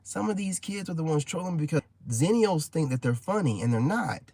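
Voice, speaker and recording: A man's voice: on the high side, animated, brisk, warm tone, husky, no echo. A man in his forties, a content creator, telling a casual story in a rambling, slangy way full of "you know what I mean.". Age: 40s.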